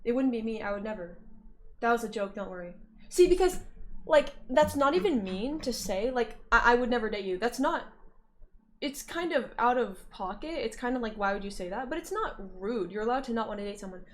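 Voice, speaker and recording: A woman's voice: a little high, lively intonation, fairly quick, a little hiss or hum. Playful young woman chatting on stream. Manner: playful, teasing, laughs often and hums or sings in snatches; reads chat messages aloud and answers them. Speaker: streamer reading chat. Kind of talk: casual livestream chat.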